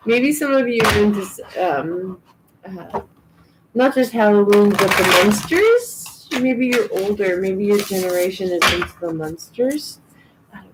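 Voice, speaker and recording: Slow, chatty woman reading cards. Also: mid-range voice, very noisy. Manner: chatty, reassuring, frequent ums and restarts. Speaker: tarot reader. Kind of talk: live tarot and oracle card reading.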